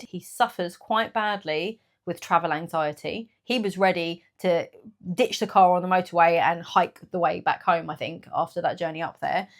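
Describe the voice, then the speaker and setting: A woman, chatting casually in a small business vlog, animated and laughing often. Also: on the low side. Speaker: small business owner and vlogger. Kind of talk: casual chat to camera.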